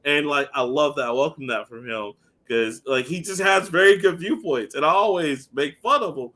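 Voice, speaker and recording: Young man, podcast host, casual interview banter, lively delivery. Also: a little high, moderate pace. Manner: animated, imitates friends loudly, laughs often.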